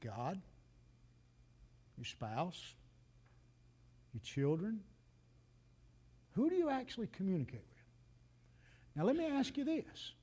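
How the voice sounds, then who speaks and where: A man's voice: very high-pitched, sing-song, moderate pace, pauses often, mellow. A man, preaching a folksy, joking sermon and talking straight to the congregation. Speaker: pastor.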